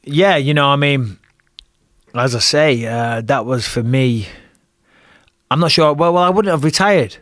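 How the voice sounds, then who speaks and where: A middle-aged man telling a fight story in a casual podcast chat, animated and profane, with frequent restarts. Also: mid-range voice, unhurried, long pauses, dry recording, studio quality. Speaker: guest, retired fighter and commentator.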